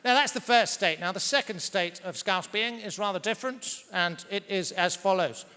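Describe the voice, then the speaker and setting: A man's voice: high-pitched, moderate pace, pushed and bright. A man doing stand-up comedy on a big theatre stage in a dry, wordy, mock-pompous manner. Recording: large reverberant theatre hall.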